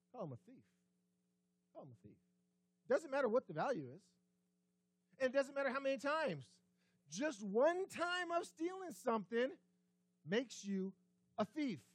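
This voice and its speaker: A pastor preaches a sermon in a church sanctuary, his high, animated voice swinging widely in pitch at a normal speed with long pauses. He puts rhetorical questions to the congregation and drops to a hushed, quiet tone to drive points home. The recording is close and dry, with little room sound and no echo.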